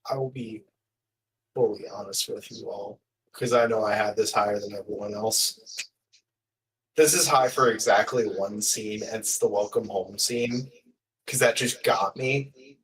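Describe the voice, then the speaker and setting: A man's voice: fairly low pitch, a little slow, long pauses, a bit bright, rough recording. A man co-hosting a podcast, candidly and earnestly giving his take on a show. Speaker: podcast co-host. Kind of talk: casual opinion chat.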